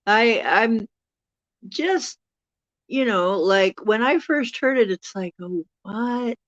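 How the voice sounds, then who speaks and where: A woman's voice: fairly high pitch, animated, extremely slow, long pauses, a bit bright, no room sound, highs cut off. A woman hosting a casual livestream, chatty and rambling, often laughing and correcting herself. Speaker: livestream host.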